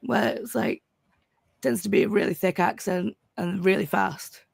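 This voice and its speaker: Gravelly-voiced woman, joking in chat. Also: mid-range voice, normal speed, dry recording, studio quality. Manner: relaxed, joking. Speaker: guest co-streamer. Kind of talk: casual chat.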